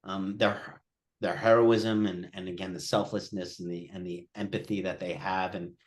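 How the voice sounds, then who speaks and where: A man's voice: sits low, normal speed. A male film director at a post-screening Q&A, telling a story casually, acting out quoted voices, with many restarts. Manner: animated, acts out quotes, frequent restarts.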